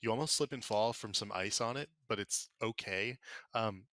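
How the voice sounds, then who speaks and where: A man narrating as game master for a tabletop game, relaxed and casual, with many fillers. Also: on the low side, dry recording. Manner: relaxed, filler-heavy narration with quick voiced bits for side characters.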